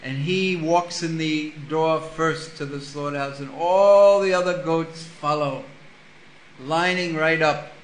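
A man giving a sermon, reading a scripture passage and explaining it with lively stories. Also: a little high, slow pace, reverberant, low-quality recording. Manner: storytelling with acted-out voices. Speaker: spiritual teacher.

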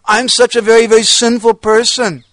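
A man's voice: extremely high pitch, flat delivery, moderate pace, a bit bright, no echo, voice pushed up, rough recording. A man voicing a grief-stricken male devotee who cries out in anguished, pleading calls. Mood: anguished wailing.

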